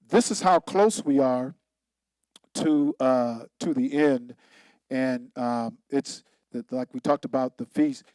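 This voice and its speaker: Emphatic man teaching scripture, high voice. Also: darkish tone, no echo, low-quality recording. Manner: conversational, laughs at own points, repeats words when emphatic. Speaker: pastor. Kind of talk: informal Bible teaching.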